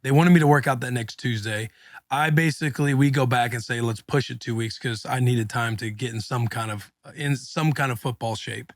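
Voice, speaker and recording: A man's voice: mid-range voice, no room sound. Male podcast co-host, mid-range voice, casual slangy storyteller, dry close mic. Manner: animated, slangy, quick retelling with acted quotes.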